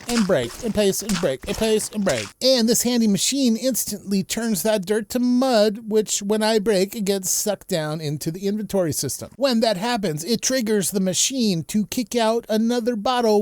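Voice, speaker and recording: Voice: mid-range voice, darkish tone, dry recording, clean studio sound. A Minecraft creator narrating a gameplay tour and walking through builds step by step in a voice-over.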